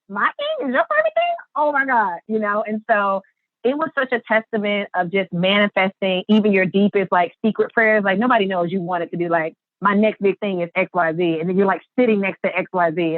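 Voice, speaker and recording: A woman guest on a podcast, telling her story in an animated way and acting out the quotes. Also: medium pitch, dry recording. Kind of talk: storytelling interview. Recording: tinny phone-line sound.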